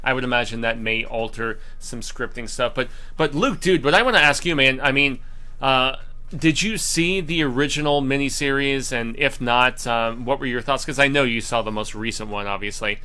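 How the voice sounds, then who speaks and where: A man's voice: medium pitch, steady tone, normal speed, bright, forceful tone, clean tone. A man co-hosting a casual horror podcast, laid-back and slangy, laughing often. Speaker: co-host.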